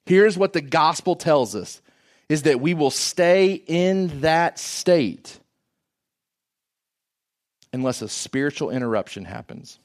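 Earnest preacher man with a higher voice. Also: animated, slow pace, pauses often. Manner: earnest, emphatic, rhetorical questions. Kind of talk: sermon.

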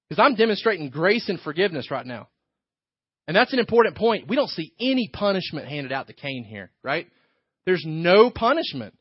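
A man's voice: sits high, sing-song, fairly quick, breathy edge, no echo. A man preaching a sermon as pastor, in a conversational way, with rhetorical questions and frequent restarts. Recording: dull lo-fi church recording.

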